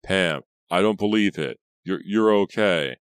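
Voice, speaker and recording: Man doing a worried teen boy, low voice, earnest, dry read. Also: animated, a little slow, clear, resonant tone, no room sound.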